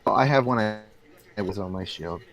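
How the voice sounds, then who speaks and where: A man playing a tabletop game who fumbles for words and speaks haltingly. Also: fairly low pitch, a bit bright, rough recording. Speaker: player. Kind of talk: casual tabletop play.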